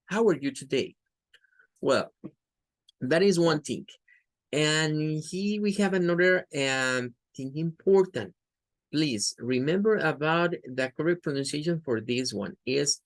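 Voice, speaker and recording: A woman whose first language is Spanish, teaching an English class with a Spanish accent and repeating phrases slowly for pronunciation drills. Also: deep voice, dry recording.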